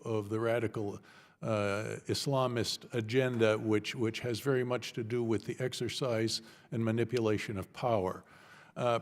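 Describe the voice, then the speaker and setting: A man testifying as an expert witness at a congressional hearing, explaining in a measured, lecturing way with pauses. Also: medium pitch. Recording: reverberant hearing room.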